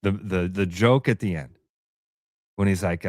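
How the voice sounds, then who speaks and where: A man's voice: sits low, moderate pace, long pauses, a little mellow, no echo, clean studio sound. A man co-hosting a sports radio show, bantering casually, laughing at his own jokes and repeating words. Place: radio studio.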